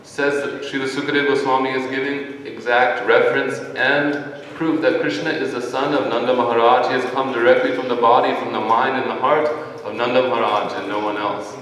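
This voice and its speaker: A man's voice: mid-range voice, steady tone, a little fast, a bit bright. A man giving an earnest devotional talk, quoting scripture verses in Sanskrit and Bengali. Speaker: devotee giving a spoken offering. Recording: echoey hall, distant mic, faint ambience.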